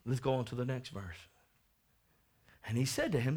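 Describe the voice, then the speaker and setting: A man preaching a sermon to his congregation, swinging from hushed asides to loud, stretched-out shouts as he acts out the Bible story. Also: mid-range voice, normal speed, long pauses, slightly rough.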